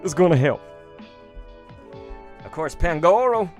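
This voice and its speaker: Over soft background music, a young man opens trading cards on stream and addresses his chat in excited, slangy bursts. His voice is a little high, yet his pace is unhurried.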